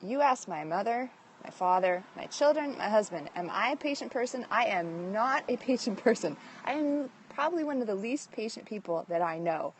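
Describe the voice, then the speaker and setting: A woman's voice: mid-range voice, expressive, normal speed, slight background noise. A woman hosting a casual live stream from home on her phone, upbeat and reading out viewer comments as she talks. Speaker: livestream host and direct-sales leader. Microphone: phone livestream.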